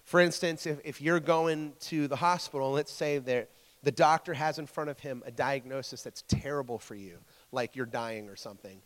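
A man's voice: mid-range voice, normal speed, big-room sound. A man preaching a casual sermon to a church group. He stumbles over his words, repeats himself and keeps checking in with the listeners.

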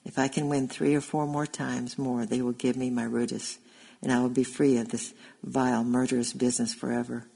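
Man voicing a gentle giant gladiator, sad, slow, foreign accent, gravelly, husky. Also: medium pitch, little pitch movement, rough recording. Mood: gentle, weary. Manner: speaks slowly with a foreign accent.

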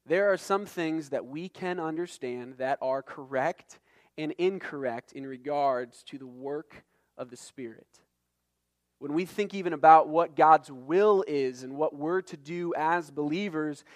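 A man's voice: fairly high pitch, measured pace, dry recording, studio quality. A middle-aged man, a pastor preaching a sermon in an earnest, conversational way, mixing scripture with personal stories and stumbling restarts.

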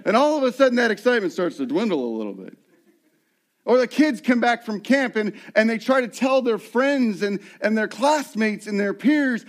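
A middle-aged man, a lead pastor, preaching a sermon in an animated way and acting out the voices of the people he describes. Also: extremely high pitch, normal speed.

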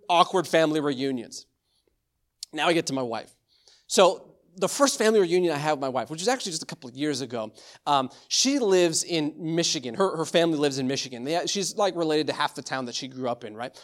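A young adult man preaching a sermon, telling family stories in an animated way with frequent restarts. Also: on the high side. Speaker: pastor.

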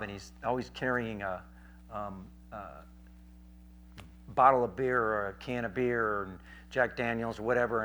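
A man preaching a sermon, telling stories in a rambling conversational way with many fillers and acting out the people in them. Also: medium pitch. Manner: animated, acts out the people in his stories. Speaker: street preacher. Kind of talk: sermon with storytelling.

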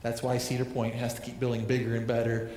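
A man's voice: medium pitch, completely flat delivery, quick pace, a little mellow, slight background noise. A male pastor preaching a sermon, emphatic, repeating phrases and asking rhetorical questions. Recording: echoey hall reverb, faint ambience.

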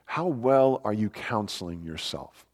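A pastor with a lowish, animated voice preaches at a measured pace, earnest and emphatic, posing rhetorical questions and quoting scripture. The recording has long hall reverb.

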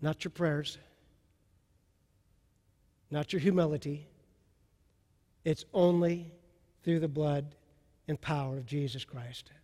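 A male pastor preaches with a high, ringing voice, pushing his lines out with fervor and then pulling back to a hush. Long reverb from a large hall trails every phrase. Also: steady tone, slow, long pauses. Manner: impassioned preaching that swings from soft to loud. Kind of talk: sermon.

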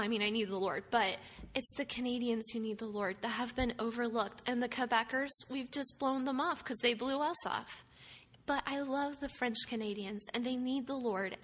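A woman from the United States, a missionary speaker, giving an earnest, emotional personal testimony with soft laughs. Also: fairly high pitch, slight background noise. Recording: long hall reverb, faint ambience.

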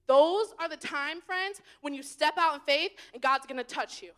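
A young woman giving an informal sermon to young people, chatty and animated, swinging between loud and hushed. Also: high voice, normal speed, few pauses. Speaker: youth leader giving a message.

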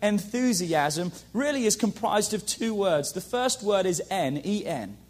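A man preaching a sermon to a congregation, who shifts from loud shouted calls to hushed storytelling and repeats lines for emphasis. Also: high voice, animated, measured pace. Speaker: pastor.

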